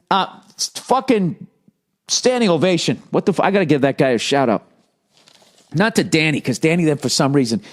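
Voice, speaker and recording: A man's voice: medium pitch, darkish tone. A man in his forties with an American accent, riffing profanely through a comedic podcast monologue and reading aloud with mock outrage. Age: 40s. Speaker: podcast host.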